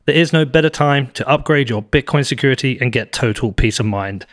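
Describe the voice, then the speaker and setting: A man's voice: medium pitch, brisk. British man reading ads and chatting. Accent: British English. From Britain. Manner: relaxed, chatty, laughs often, restarts mid-sentence. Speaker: podcast host. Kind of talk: ad reads then casual chat.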